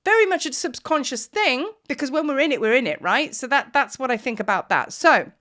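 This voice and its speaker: A woman, giving a casual, animated spiritual energy talk as a teacher, laughing now and then. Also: sits high, a little fast. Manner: chatty, animated, often asks "do you know what I mean".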